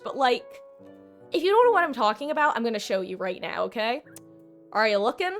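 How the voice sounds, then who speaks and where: A woman's voice: on the high side, big pitch swings, fairly quick, faint music behind. A woman streaming a video game, chatting casually with her viewers in a dramatic, talkative way as she plays. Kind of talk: casual gameplay commentary.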